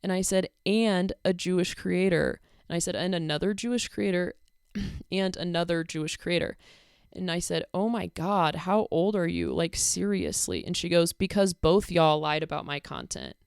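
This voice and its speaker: A woman's voice: on the low side, moderate pace, gravelly, clear, resonant tone, no room sound, clean studio sound. A young woman giving casual commentary, reading out messages in an exasperated, sarcastic way. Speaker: commentary creator.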